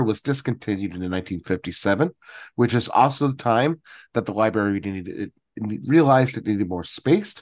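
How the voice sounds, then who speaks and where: A man on a casual podcast who wanders as he talks. He reads out a long chunk of history, stopping often for "uh" and "um", and his voice sits at an ordinary middle pitch. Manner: rambling, reads out local history with many fillers. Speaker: podcast co-host.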